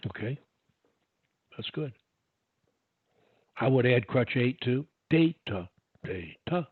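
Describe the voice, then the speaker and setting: A male speech coach talks a client through his exercises with upbeat, repetitive encouragement. His voice is husky and his pace slow and deliberate. It comes through a thin, phone-like call line. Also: medium pitch, steady tone, dry recording. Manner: upbeat, repetitive, pep-talk delivery. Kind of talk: one-on-one coaching over a call.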